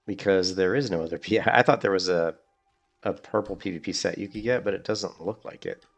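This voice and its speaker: A man's voice: low voice, brisk, vocal fry, faint music behind. A man chatting casually and rambling as he streams a game. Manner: rambling, chatty, restarts a lot. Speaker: gaming streamer. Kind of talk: casual gameplay commentary.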